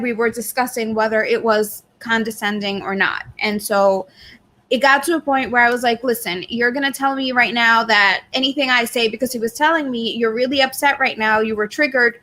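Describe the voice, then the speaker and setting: Bright-voiced woman co-hosting a chat. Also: fairly high pitch. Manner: earnest, laughs often. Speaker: podcast co-host. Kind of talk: casual conversation.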